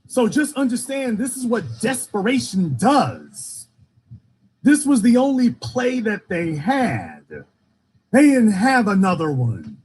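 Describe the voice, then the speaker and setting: A man's voice: high-pitched, sing-song, slow, a little mellow, slight background noise. A man hosting a political call-in show, talking in a fiery, emphatic way and hammering his points home with repetition.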